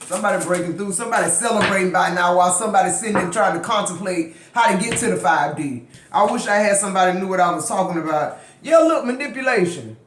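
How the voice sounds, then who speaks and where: A man giving a casual tarot reading, slangy and profane, preaching and swinging from low murmurs to yelling. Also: a little fast, reverberant. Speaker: tarot reader.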